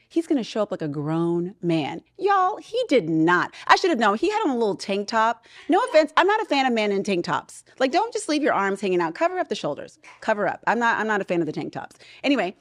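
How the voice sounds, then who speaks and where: A woman in her thirties hosts her podcast from a studio, talking casually with sassy, animated storytelling. Her voice sits a little high and swoops widely up and down. The recording is close and dry. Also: no room sound. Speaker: podcast host. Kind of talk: casual chat.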